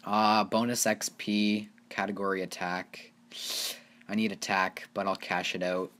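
A man hosting his own gaming channel, giving casual, rambling gameplay commentary and getting excited over small wins. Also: fairly low pitch, unhurried. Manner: rambling, easily excited, talks to viewers as "you guys".

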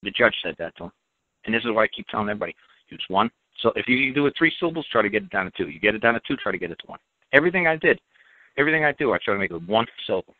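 A man's voice: lowish voice, big pitch swings, racing, dry recording. A man hosting a call-in radio show, talking bluntly and emphatically and repeating his points. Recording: dry, tinny phone-like audio.

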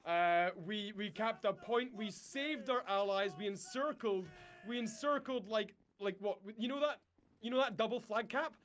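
A man's voice: high voice, normal speed, fairly bright tone. A man in game voice chat, leading his squad with bossy drill-sergeant orders. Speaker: player leading a unit in voice chat.

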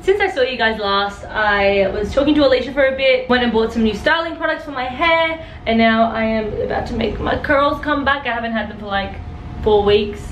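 A bubbly, playful vlogger in her twenties with an Australian accent chats casually to the camera. Her voice is fairly high, with slight background noise.

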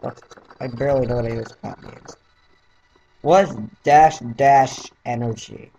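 A man's voice: medium pitch, unhurried, warm tone. A young man giving offhand, sardonic let's play commentary, swearing casually as he plays. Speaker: gamer, channel host.

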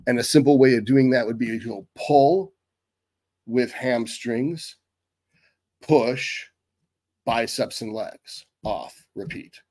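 A middle-aged man giving an unscripted fitness lecture as a bodybuilding coach, blunt and profane, talking quickly. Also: mid-range voice, a little mellow.

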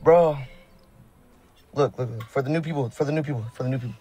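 A man's voice: mid-range voice, rapid-fire, mellow, a little hiss or hum. A young man from the Sacramento area, talking to his live-stream chat in slang. He sounds nervous, and he keeps swearing oaths. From Sacramento area, California. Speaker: prank video maker streaming live.

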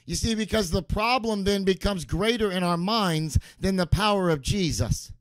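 A man's voice: sits high, normal speed, no echo. A man preaching a sermon as pastor, emphatic and repeating key phrases for stress.

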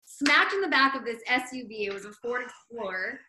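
A woman podcast host telling a story from her life in casual chat, animated and laughing often, acting out what people said. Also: a little high, fairly quick, a little hiss or hum. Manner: animated, laughs often, acts out quoted lines. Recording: roomy echo.

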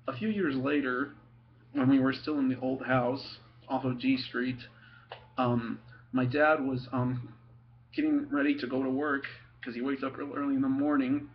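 A young man, a son telling family stories, giggles and laughs through them, tripping over his words with many ums and restarts. His voice is medium-pitched and steady, on muffled home-video audio with a little hiss or hum.

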